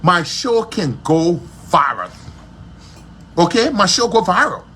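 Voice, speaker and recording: A man's voice: sits high, sing-song, slow pace, bright, forceful tone, a little hiss or hum. A man hosting a gossip livestream from his shop, talking in a scornful, repetitive way. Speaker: livestream host.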